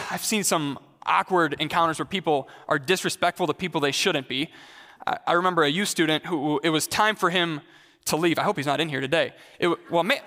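Guy pastor giving a sermon, chatty, asks the crowd stuff, high voice, long echo in a big hall. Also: pushed and bright. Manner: conversational, questions the congregation directly.

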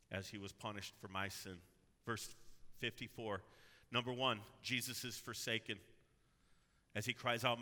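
A man preaching a sermon with a very bright, forceful tone. He is earnest and builds to loud, emphatic cries. His voice rings with long reverb in a church sanctuary. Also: mid-range voice. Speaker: pastor.

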